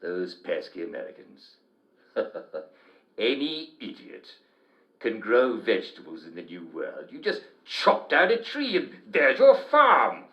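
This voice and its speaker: An actor playing a mad, cheerfully unhinged old King George the Third, excitable and rambling. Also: slow, dull audio, full character voice. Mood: manic. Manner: excitable, shrieking pitch jumps, rambling.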